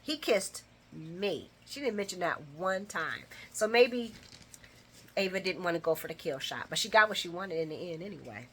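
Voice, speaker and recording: A woman hosting a casual soap opera recap, animated and laughing, with dramatic exclamations. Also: lowish voice, brisk, a little hiss or hum.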